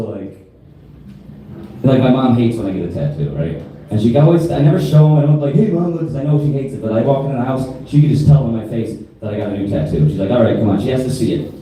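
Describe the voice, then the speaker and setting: A man in his thirties doing a crude stand-up comedy set in a club, with a deadpan delivery and asides to the crowd. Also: medium pitch. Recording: roomy live club sound, from a distance.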